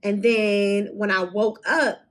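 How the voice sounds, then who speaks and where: A young woman talks straight to her camera, telling a storytime vlog in a candid, animated way. She swears casually and her voice sits at an ordinary middle pitch for a woman. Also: takes it slowly, low-quality recording. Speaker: vlogger.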